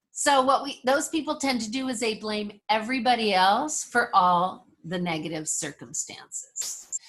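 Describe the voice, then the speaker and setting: Bright-voiced woman giving a resilience workshop. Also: mid-range voice. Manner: lively storyteller, acts out dialogue, direct with listeners. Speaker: resilience instructor. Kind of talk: motivational workshop talk.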